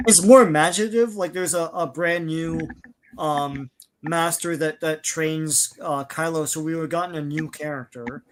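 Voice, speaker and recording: A man's voice: fairly high pitch, normal speed, slight background noise. A man co-hosting a casual talk show, giving rambling, opinionated takes and laughing often. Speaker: podcast co-host. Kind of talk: casual chat.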